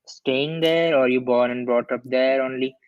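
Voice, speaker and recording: A man learning English, chatting on a video call in halting, non-native phrasing with frequent restarts. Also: mid-range voice, fairly even intonation, smooth, no room sound, dull audio. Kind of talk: casual video-call chat.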